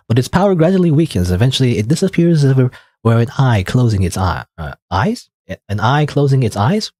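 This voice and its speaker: Medium in pitch and mellow, his voice comes through a dry recording. Reading a visual novel out loud, he chats about it in casual let's-play style, full of rambling "like" and "you know."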